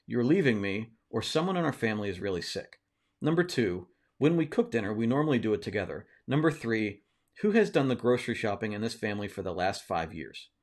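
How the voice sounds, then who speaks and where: A man reading the lines of a husband in a kitchen quarrel, speaking calmly and levelly, curious rather than angry. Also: lowish voice, a little fast.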